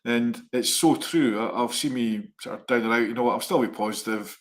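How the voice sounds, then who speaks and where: A man co-hosting a live online chat show, telling animated personal stories, acting out the dialogue and laughing often. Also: medium pitch, brisk. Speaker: co-host, psychic medium. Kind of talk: casual anecdotal chat. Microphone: live online video call.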